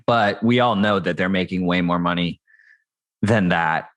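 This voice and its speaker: A man's voice: deep voice, measured pace, a bit bright. A man who is a tech company founder, speaking as a guest in a casual podcast interview, talking loosely with frequent restarts and fillers. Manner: conversational, many restarts and fillers.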